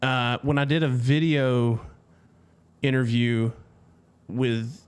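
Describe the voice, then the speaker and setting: A man's voice: medium pitch, fairly even intonation, smooth. Chatty American man co-hosting a podcast. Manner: chatty, tells stories with quick asides. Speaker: podcast co-host. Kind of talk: casual chat.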